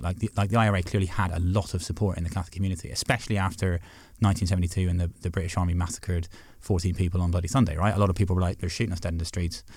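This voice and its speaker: A man's voice: low-pitched, no echo. A man with a Northern Irish accent, a barrister and guest, telling stories in a passionate, argumentative, casual podcast conversation. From Northern Ireland. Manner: fast, passionate, argumentative storytelling.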